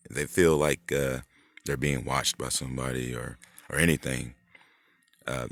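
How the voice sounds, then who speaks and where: A man's voice: very deep voice, sharp tone, no echo. A man hosting his own vlog, talking in a loose, rambling monologue full of swearing, fillers and restarts. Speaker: channel host.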